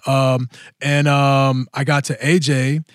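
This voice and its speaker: A middle-aged man, a professional wrestler, telling a story casually and acting out other people in lively voices. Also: takes it slowly, clean tone, dry recording, studio quality. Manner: animated, jumps into high silly voices to act out crowds.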